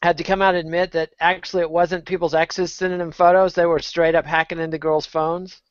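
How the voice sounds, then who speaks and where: A man hosting a casual chat, wisecracking and quick to chime in. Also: on the high side, level tone, smooth, no echo. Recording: dull, dry lo-fi sound.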